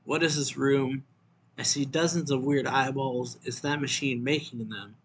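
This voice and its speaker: A bewildered young man, read out by a man who asks question after question. The voice is medium in pitch and plain, with faint ambience behind. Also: steady tone, normal speed, slight background noise, lightly acted. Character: confused young man trapped inside a mind.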